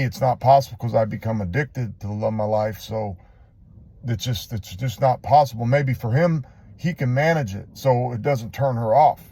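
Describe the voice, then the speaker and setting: Dark-voiced man, halting and earnest. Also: on the low side, gravelly, dry recording. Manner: halting, rambling, with many restarts; earnest and confessional. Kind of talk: personal testimony monologue.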